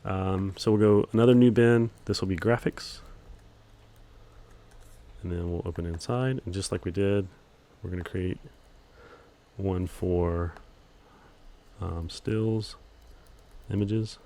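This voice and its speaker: A man teaching video editing in a screen-recorded tutorial, speaking in a relaxed monotone with frequent ums while he clicks through steps. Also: deep voice, slow, long pauses, slight background noise. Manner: calls his own voice monotone, relaxed, many ums.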